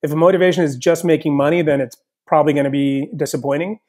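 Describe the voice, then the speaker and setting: Man, guest chef, from south india, casual conversational, mid-high pitch. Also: quick pace. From south India, raised partly in the US. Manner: relaxed, thoughtful, frequent "you know".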